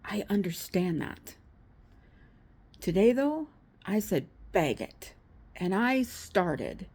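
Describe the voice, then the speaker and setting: A woman's voice: mid-range voice, sing-song, slow pace, vocal fry, darkish tone, breathy edge. A woman talking to camera in a heartfelt, rambling vlog, thanking her viewers. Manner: heartfelt and rambling, tearful at times. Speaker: vlogger.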